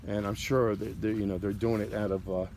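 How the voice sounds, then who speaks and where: Brief: low-voiced man, loose rambling vlog narration outdoors, faint outdoor ambience behind. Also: flat delivery, darkish tone, slight background noise. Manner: rambling, halting over names. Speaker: cemetery tour vlogger. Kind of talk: casual walking commentary. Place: outdoor cemetery.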